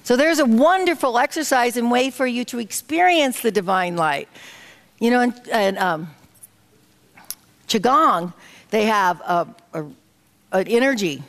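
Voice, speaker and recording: A guest minister preaches in a community center hall, guiding the congregation through a meditation and spoken affirmations. Her voice is fairly high and animated, and she speaks unhurriedly with frequent pauses.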